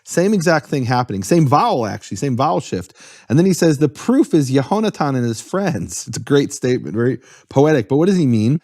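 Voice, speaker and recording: A guest explaining Hebrew speaks in an earnest, conversational way, spelling out each term as he defines it. His medium-pitched, mellow voice is very animated and a little fast, recorded dry and close with no room sound.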